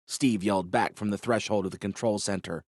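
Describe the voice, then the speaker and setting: A man narrating an audiobook in a measured, dramatic storytelling manner. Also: lowish voice, steady tone, darkish tone, dry recording, studio quality. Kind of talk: scripted narration.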